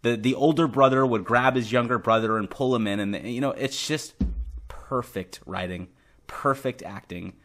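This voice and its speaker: A man's voice: mid-range voice, moderate pace, fairly bright tone, soft background music. A young man co-hosting a casual podcast, talking earnestly about a favorite film and laughing easily. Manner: earnest, laughs easily, uses many fillers. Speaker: podcast co-host. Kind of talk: casual chat.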